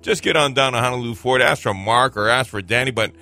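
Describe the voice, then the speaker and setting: A man's voice: medium pitch, fast talker, bright, forceful tone, soft background music. A man hosting a ministry radio show from the studio, talking in an upbeat, jokey way. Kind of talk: casual radio talk.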